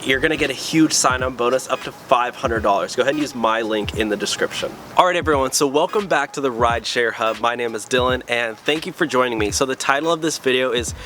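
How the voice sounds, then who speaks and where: A man's voice: mid-range voice, fast, few pauses, bright, forceful tone, a little hiss or hum. A man hosting his own channel, giving casual tips as a rideshare driver, with many "um"s and "you know"s. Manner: chatty, lots of "um" and "you know", upbeat openers. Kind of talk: casual talking-head advice.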